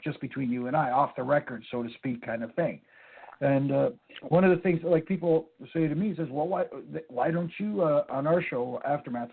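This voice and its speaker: A man's voice: fairly high pitch, gravelly, breathy edge. A man, a former wrestling referee from Canada, telling stories in a rambling way with many fillers in a phone interview. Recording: tinny phone line.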